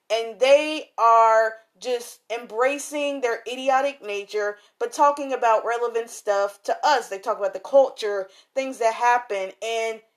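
Slangy young woman hosting a podcast. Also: fairly high pitch. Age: young adult. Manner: chatty and slangy, addresses listeners directly. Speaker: podcast host. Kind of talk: casual podcast talk and poetry reading.

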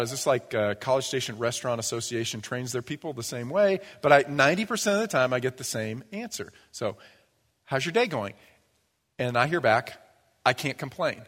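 Conversational male pastor in a reverberant church. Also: fairly bright tone. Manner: conversational and humorous, mimics grumbling in a low mutter. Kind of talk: sermon. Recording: long reverb of a church hall.

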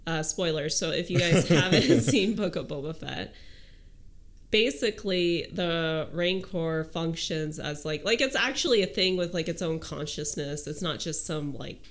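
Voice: medium pitch, moderate pace, hardly any pauses. A podcast co-host chatting casually in an easygoing, agreeable way. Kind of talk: casual chat.

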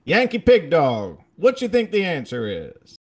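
A man voicing a mocking male college professor who talks with a slow drawl. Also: on the high side, wildly swooping pitch, pitched above the performer's own voice, full character voice.

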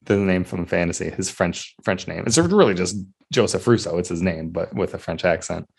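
A man's voice: sits low, animated, fairly quick, gravelly, breathy edge. A man co-hosting a casual podcast, recapping scenes and putting on voices for the characters. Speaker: podcast co-host. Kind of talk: casual chat.

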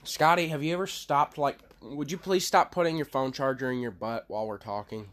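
A man co-hosting a podcast, talking loudly and cracking crude jokes in casual banter. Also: medium pitch, fairly quick, hardly any pauses. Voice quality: loud, crude and joking. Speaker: podcast co-host.

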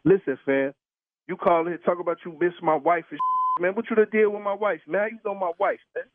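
A man's voice: high-pitched, steady tone, brisk, no room sound. A man's voice comes through a thin, phone-like line in a dry, close sound. He talks bluntly in street slang, swearing and pressing the caller with questions. He is worn out from long shifts. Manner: blunt street slang, swears, keeps asking who is calling. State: tired from work. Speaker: prank call target, truck driver. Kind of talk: phone conversation.

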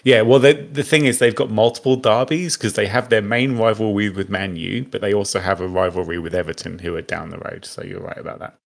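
A man's voice: on the low side, steady tone, brisk, vocal fry, few pauses. A man hosting a casual podcast, bantering with friends in a jokey, playful way. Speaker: podcast host.

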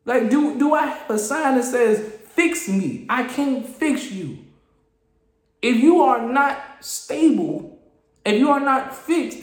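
A man hosting a solo podcast, ranting in an animated, exasperated way and often repeating and restarting his phrases. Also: extremely high pitch, roomy sound. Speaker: podcast host. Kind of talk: casual solo podcast rant.

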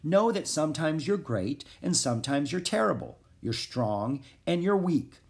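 A man reading aloud, voicing a cheerful, bold young girl who talks in a bright, eager way, pitched well above his own voice. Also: sing-song, measured pace, vocal fry, full character voice.

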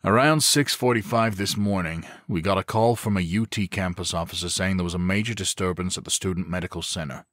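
A man's voice: deep voice, fairly bright tone, dry recording, clean studio sound. A man voicing a somber police captain briefing his team in an audiobook. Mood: grave. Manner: grave, measured. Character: somber middle-aged male police captain.

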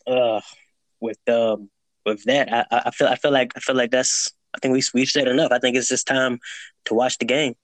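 Male sports debate co-host, laid-back and halting, dry close recording. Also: mid-range voice, level tone, fairly bright tone, no room sound. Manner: laid-back, stammers, agrees in short replies.

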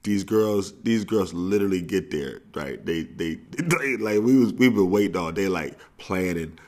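A man's voice: deep voice, expressive, normal speed, darkish tone. A man hosting a podcast, telling a long casual story in a rambling way, repeating and restarting phrases and laughing often. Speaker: podcast host, coach.

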